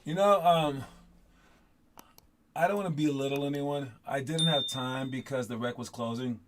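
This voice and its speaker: A basketball coach with a medium-pitched voice speaks at a moderate pace in a casual, rambling motivational talk to kids in a classroom, joking and now and then breaking into song. Music plays loudly underneath, along with a little hiss or hum.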